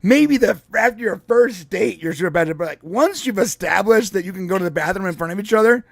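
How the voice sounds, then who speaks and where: A middle-aged man co-hosting a podcast, telling stories in animated casual chat with many restarts. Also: high-pitched, quick pace, creaky, no echo. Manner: animated storytelling, lots of restarts. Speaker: podcast co-host.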